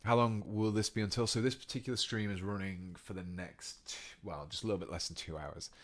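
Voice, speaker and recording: A man's voice: lowish voice, fairly quick. A British man giving a casual painting tutorial on a live stream, chatting with viewers as he works. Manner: relaxed and chatty, reading out viewer comments.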